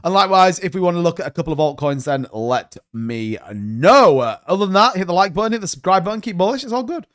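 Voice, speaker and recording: A young man hosting a crypto live stream in a loose, rambling way, tossing jokey asides to his viewers. His voice sits a touch higher than most men's. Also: animated, quick pace, hardly any pauses, a bit bright. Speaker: crypto livestream host. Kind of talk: casual live-stream commentary.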